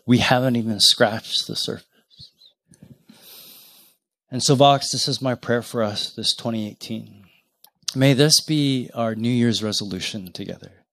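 A man preaching a sermon as pastor, telling stories earnestly, rising loud and then dropping to a hush. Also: mid-range voice, steady tone, unhurried, dry recording, studio quality. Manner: earnest storytelling with wide swings from loud to hushed.

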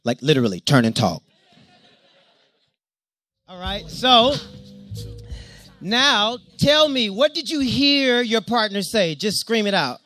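A man delivers an interactive sermon, his voice sitting on the higher side for a man. He calls out questions and draws answers from the congregation, then slips into steady yoga-style breathing and posture cues. The sound is dry and close, with little room around it. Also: slow, pauses often, no echo, soft background music. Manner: animated, addresses the congregation directly, draws on personal stories. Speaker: preacher and yoga teacher. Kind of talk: interactive sermon with call-and-response.

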